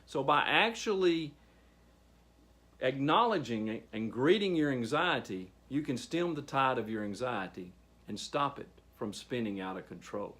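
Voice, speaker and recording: A man leading a workshop on handling speaking anxiety, addressing a group and pausing for effect. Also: medium pitch. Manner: animated, addressing a group, with pauses. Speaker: training facilitator. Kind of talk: public speaking workshop presentation.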